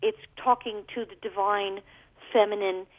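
A woman's voice: medium pitch, fairly even intonation, moderate pace. A woman singer and guest, talking in a chatty storytelling way during a radio interview by phone. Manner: chatty, warm storytelling with laughs. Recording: tinny phone line.

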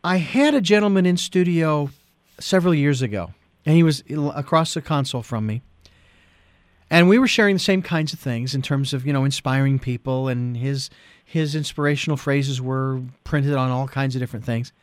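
A man's voice: mid-range voice, moderate pace, no room sound. A male radio talk show host in the studio, chatty and easily amused, with long rambling setups to his questions. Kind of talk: radio interview.

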